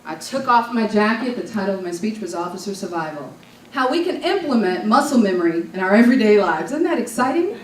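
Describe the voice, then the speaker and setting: A woman from New York giving a club leadership training talk, a lively storyteller who jokes with her audience. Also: mid-range voice, a little fast, a little hiss or hum. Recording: roomy sound from a distant mic.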